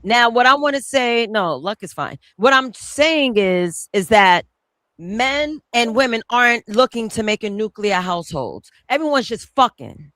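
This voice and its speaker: A woman's voice: on the high side, sing-song, unhurried, a bit bright, no echo. Combative woman on a panel, aave, blunt and cussing, repeats her point, dry mic. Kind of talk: heated panel debate.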